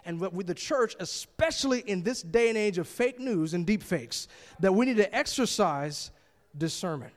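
A man's voice: sits high, animated, normal speed, long reverb tail. A man preaching a sermon, reading scripture and commenting on it in an emphatic, conversational way.

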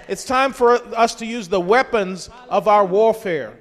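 A pastor with a high-pitched man's voice preaches with fervor, rising again and again into loud, ringing shouts. He exhorts the congregation in full sermon style. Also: unhurried.

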